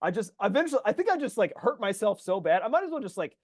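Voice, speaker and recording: A man co-hosting a podcast, telling stories in casual chat, swearing freely and loudly acting out his own thoughts. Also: high-pitched, very animated, fast talker, no echo. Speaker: podcast co-host.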